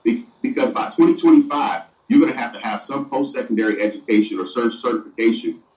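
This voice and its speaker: A middle-aged city mayor answers interview questions earnestly but often stumbles and repeats words. His medium-pitched, darkish voice comes quickly, recorded far from the mic in an echoey room.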